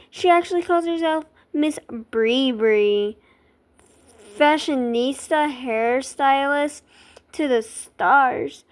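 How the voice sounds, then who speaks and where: A woman reading a children's book aloud in an expressive, dramatic way, with small stumbles. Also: high voice.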